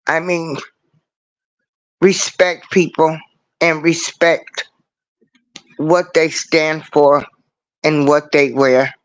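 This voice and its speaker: A man's voice: a little high, level tone, very slow, pauses often, muffled recording. A man hosting a casual livestream show, talking earnestly and in a preachy way, repeating his points as he speaks into a computer mic.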